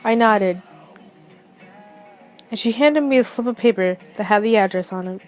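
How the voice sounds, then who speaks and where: A young woman reading a first-person fan fiction story aloud, haltingly, with restarts. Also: medium pitch, darkish tone, faint music behind, rough recording.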